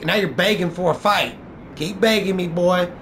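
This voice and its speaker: A gaming YouTuber trash-talks another player during an online game, taunting, boastful, and swearing heavily, repeating jabs for effect. His voice sits high with normal speed and a fairly bright tone, over slight background noise.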